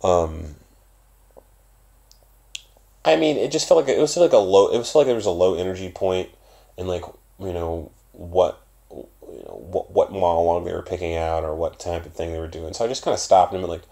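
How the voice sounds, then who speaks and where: A young man vlogging in a casual, profane, rambling monologue, going from loud bursts to mumbles. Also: low-pitched, fast talker, creaky. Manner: profane, animated, swings between loud and mumbled.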